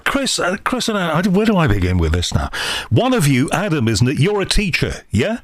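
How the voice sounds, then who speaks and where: A man's voice: fairly high pitch, huge pitch swings, moderate pace. A man from Liverpool with a faded Liverpool accent, hosting a podcast in a rambling, reflective, self-deprecating way. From Liverpool, England. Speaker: podcast host. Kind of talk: casual monologue and interview.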